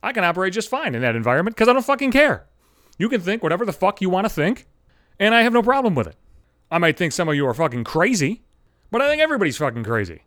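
A high-voiced man tears through a furious, profanity-laden rant, his pitch leaping wildly as he shouts at his audience. He talks fast, and the sound is dry and close, with no room around it. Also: big pitch swings, no echo. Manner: swears constantly, shouting at viewers. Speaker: video ranter.

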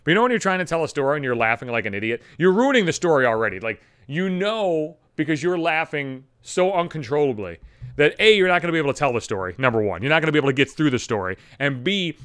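A man hosting a solo podcast, telling a rambling, heavily profane story in an animated way. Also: a little high, smooth, dry recording, clean studio sound. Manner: rambling, heavy swearing, animated retelling. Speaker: podcast host.

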